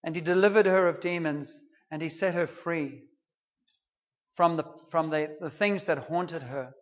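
A man's voice: fairly high pitch, a little slow, muffled recording. A man preaching a sermon, retelling a story in an earnest, conversational way.

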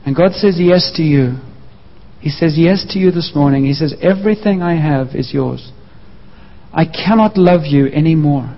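In a church, a man preaches a sermon, telling his own story in an earnest, personal manner. His voice is fairly high and moderately paced, and the recording sounds muffled with the echo of a church hall.

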